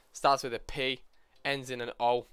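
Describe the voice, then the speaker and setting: Teasing lad with a lisp, coughs a lot, dry close sound. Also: male voice, mid-range voice, fairly even intonation, a little slow, fairly bright tone, clear, resonant tone, no room sound. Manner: teasing, joking, coughs often. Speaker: streamer. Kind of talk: casual gaming banter.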